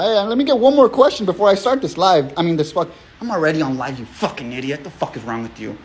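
A young man hosting a phone livestream raffle, talking in a loose, profane, rambling way full of slang and pep talk. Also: a little high. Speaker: livestream host running a raffle. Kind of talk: casual livestream chat.

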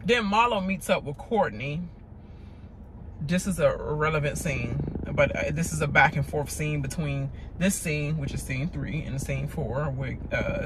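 A woman hosting a casual TV recap rant, animated and mocking, with lots of laughter and stammered fillers. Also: sits low, noisy background. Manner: stammering filler-heavy delivery. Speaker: reality TV recap host.

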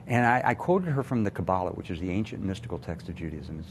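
A retired cardiologist, older and very deep-voiced, recounts a painful family story as a TV interview guest. He's earnest and measured yet expressive, talking quickly with hardly any pauses while faint noise sits under the audio.

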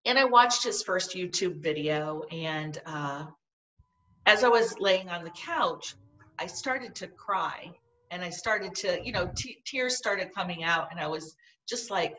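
A woman with a fairly low, bright, forceful voice tells a personal story earnestly and vividly as an interview guest. She sits a little back from the microphone, so her voice sounds somewhat distant. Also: lively intonation, unhurried. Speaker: podcast guest.

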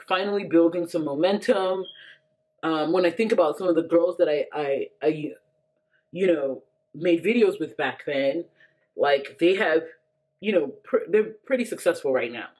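A woman's voice: sits low, a little mellow. Chatty woman vlogger, filler-heavy storytelling. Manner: chatty, lots of "like" fillers, laughs often. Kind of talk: casual personal storytelling.

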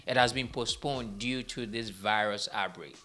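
A man's voice: lowish voice, moderate pace, heavy background noise. A young man hosting a casual entertainment update from a small studio, chatty and rambling, often correcting himself. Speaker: entertainment news host.

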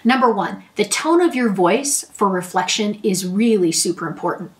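A woman's voice: medium pitch, expressive, normal speed. Middle-aged woman therapist, chatty advice lesson, mic a bit far off. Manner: friendly, conversational, explains with examples. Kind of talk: talking-head advice lesson.

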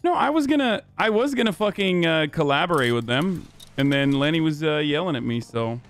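Stammering, swearing man streaming a game. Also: medium pitch. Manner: hesitant, stammering, heavy swearing. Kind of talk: in-character game roleplay banter.

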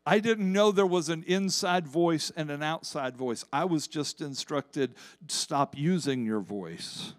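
A pastor delivering a sermon in a notably high voice for a man. He speaks slowly and deliberately, pressing each point with emphatic, impassioned preaching. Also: steady tone, no echo. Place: church service.

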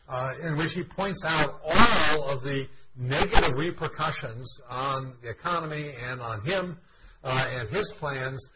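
A male university history lecturer giving a measured lecture full of "uh" fillers. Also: fairly high pitch. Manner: frequent "uh" fillers, measured explanatory delivery. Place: university classroom. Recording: loud background noise.

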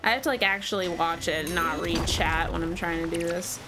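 A woman's voice: fairly low pitch, fairly even intonation, brisk. A young woman streaming a video game live, chatting casually, reading out viewer comments and laughing often. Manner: reads chat aloud, laughs often, chatty and candid. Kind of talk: casual live-stream chat while gaming. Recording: game music behind voice. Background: game music.

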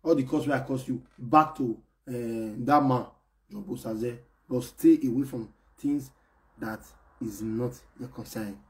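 A man ranting to his fans in an excitable, scolding way, repeating himself and bursting into shouts. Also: medium pitch, a little slow. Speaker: online personality ranting to fans. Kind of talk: animated pidgin rant.

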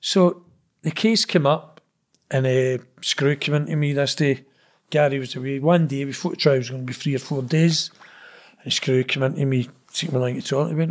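A man's voice: medium pitch, brisk. A middle-aged Glaswegian man telling stories in a blunt, sweary, rambling way, often adding "know what I mean". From Scotland. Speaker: interview guest. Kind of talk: casual storytelling.

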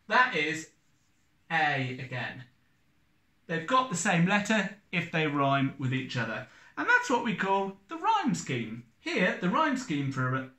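Slow, lively teacher man, echoey room. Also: on the high side. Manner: slow, sing-song, counting out syllables and beats. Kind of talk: recorded classroom lesson.

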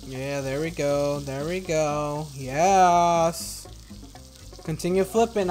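A man's voice: fairly high pitch, slow pace, darkish tone, faint music behind. A young man hosting a gaming video, playing a cooking game and teasing the game's customers in a playful way, recorded at home on a desktop microphone. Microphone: desktop USB microphone.

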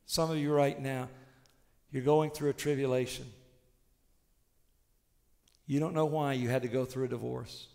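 A male pastor preaching a sermon with passion, swinging between shouted declarations and hushed, intimate tones. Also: a little high, normal speed, pauses often, long reverb tail.

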